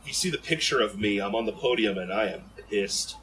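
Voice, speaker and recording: Low-voiced man telling a story. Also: a little fast, slight background noise, low-quality recording. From Ohio, USA. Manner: animated, rambling, lots of fillers and restarts. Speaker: podcast guest. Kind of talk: casual storytelling in an interview.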